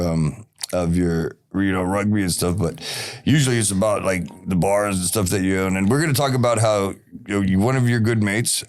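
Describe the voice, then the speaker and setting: An American man hosting a podcast in casual chat, rambling with many restarts and frequent laughs. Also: fairly low pitch. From United States. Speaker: podcast host.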